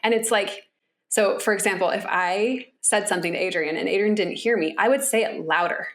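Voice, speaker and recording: Animated woman co-host explaining. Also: mid-range voice, brisk. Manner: animated, acts out quoted voices. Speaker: podcast co-host. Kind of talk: conversational explaining.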